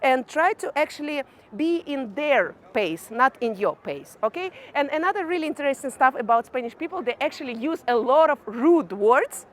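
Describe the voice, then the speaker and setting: High-voiced Ukrainian woman vlogging. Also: lively intonation, normal speed, a little hiss or hum. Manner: chatty, fillers like "kind of" and "you know". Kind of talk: casual talk to camera.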